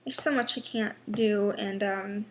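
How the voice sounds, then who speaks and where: A young woman in a personal vlog, talking haltingly with many pauses and restarts, sounding frustrated and worn down. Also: medium pitch, fairly even intonation, a bit bright. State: unwell. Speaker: vlogger.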